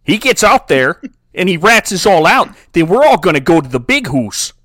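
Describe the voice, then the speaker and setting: A man's voice: high voice, very animated, normal speed, fairly bright tone, dry recording, studio quality, full character voice. A man putting on an older Montreal mobster with a Canadian accent, stretching his vowels and tacking on "eh" and "don't you know.". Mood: threatening. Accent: put-on Canadian. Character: older male Montreal mobster, menacing, folksy.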